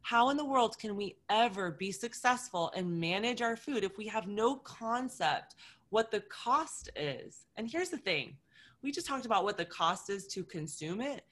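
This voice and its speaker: A woman coach talks in an animated storytelling way, slipping into quoted inner voices to make her point. Her voice is bright and forward, pitched in an ordinary middle range. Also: moderate pace. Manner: vivid, acts out scenarios with quoted inner voices. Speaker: nutrition coach.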